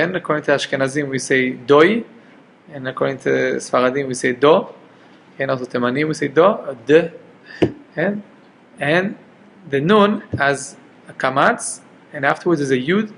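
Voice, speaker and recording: A man teaches an informal Torah class, keeping it conversational and checking in with his listeners as he goes. His voice sits a little high and has a gravelly edge. A faint hiss of room noise runs underneath. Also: fairly bright tone. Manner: conversational, checks in with "okay?" and "right?". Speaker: rabbi teaching Jewish law.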